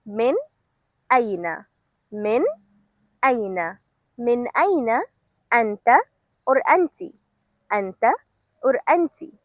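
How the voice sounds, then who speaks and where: A fairly high-voiced young woman from Egypt teaches an absolute-beginner language class out of doors. She speaks slowly and clearly, repeats each word for the learner and praises them often. Her voice sounds close and dry, with almost no room sound. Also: expressive, no echo, low-quality recording. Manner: slow, clear, encouraging drill delivery. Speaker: Arabic teacher. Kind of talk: language lesson with repetition drills. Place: outdoors.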